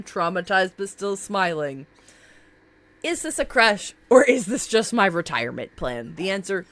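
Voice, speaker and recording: A woman chats on a live stream in a casual, gushing way, laughing often and swearing freely. Her pitch swoops up and down with lively energy, and she sits in a middle register.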